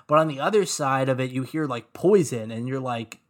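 A man in a medium-pitched voice talks about music as a podcast co-host. He rambles, leaning on fillers like "like" and "um". His delivery is relaxed and keen. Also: normal speed.

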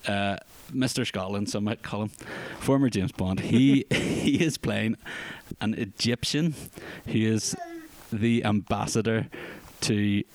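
A man co-hosting a podcast, chatting casually about films in a rambling, jokey, animated way. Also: lowish voice, takes it slowly. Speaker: podcast co-host. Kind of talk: casual film chat.

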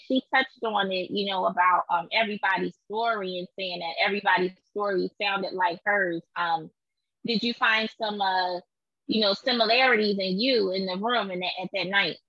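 Woman interview host, bright voice, hesitant, dull dry recording. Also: mid-range voice, no room sound. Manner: hesitant, many ums. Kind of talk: interview questions.

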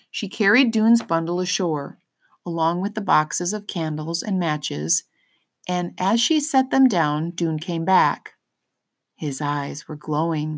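Woman reading chapters aloud to kids, explains words, lowish voice. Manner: pauses to explain words simply. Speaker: reader. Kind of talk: storybook read-aloud for children.

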